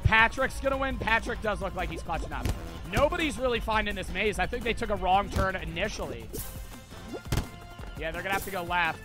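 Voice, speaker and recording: Young male streamer, high voice, slangy and excitable, game music playing clearly behind. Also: a little fast. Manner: slangy, excitable, swears often. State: out of breath. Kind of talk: casual gaming commentary. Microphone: headset.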